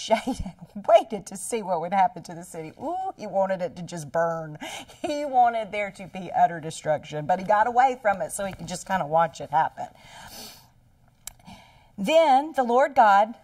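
A woman's voice: medium pitch, a little mellow, no echo, far from the mic. A woman leading a Bible study in a conversational style, dramatizing the story with laughing asides.

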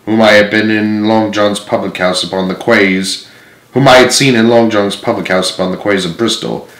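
A man's voice: lowish voice, a bit bright, reverberant, low-quality recording. A man in his thirties reading a classic novel aloud, narrating steadily in the first person. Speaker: storyteller.

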